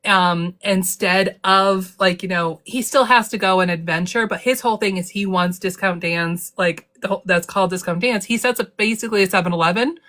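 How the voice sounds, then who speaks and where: A woman leads a live book club discussion in a bright, clear voice. She rambles and restarts her sentences often, laughing as she talks. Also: medium pitch, fairly quick, few pauses.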